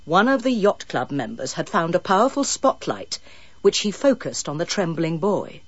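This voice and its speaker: Woman narrator, husky, dull-sounding recording, dramatic read. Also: lowish voice, very animated, normal speed, no room sound. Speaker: audiobook narrator. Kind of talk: scripted narration.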